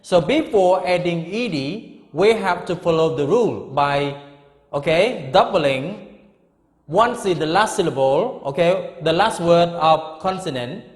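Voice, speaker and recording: A middle-aged man teaching an English grammar lesson, explaining slowly and repeating himself with frequent checks of "okay?". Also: a little high, expressive. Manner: slow, repetitive, drawn-out explanations with frequent "okay?". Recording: echoey room with long reverb.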